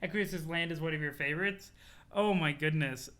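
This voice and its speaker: A man streaming a webcomic read-through, reacting casually and excitedly, often saying "yo". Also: fairly high pitch, normal speed. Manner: excitable, laughing, says "yo" a lot.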